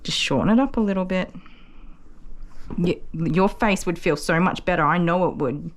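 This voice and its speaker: Aussie lady groomer vlogging, lowish voice, chatty, explains stuff, coos at the pup. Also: moderate pace. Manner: chatty, explains each step to viewers, coos softly to the puppy. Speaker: dog groomer. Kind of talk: casual vlog narration while working.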